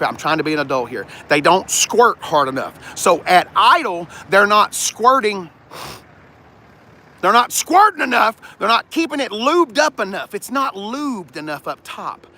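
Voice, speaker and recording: A man's voice: sits high, animated, a little slow, bright, forceful tone, a little hiss or hum. A man in a casual, jokey, rambling vlog, talking to his live chat while showing a truck. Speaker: car vlogger. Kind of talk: casual livestream walkaround.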